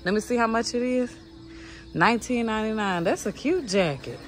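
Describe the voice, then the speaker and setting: A woman's voice: fairly high pitch, brisk. A woman, chatting casually to her viewers while filming herself shopping in a store. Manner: chatty, addresses viewers as y'all. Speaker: vlogger. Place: discount clothing store.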